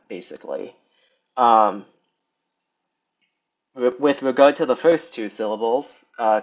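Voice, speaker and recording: A young man giving a casual screen lesson, talking through it with many pauses, ums and restarts. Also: mid-range voice. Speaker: video tutor. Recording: slightly dull lo-fi sound.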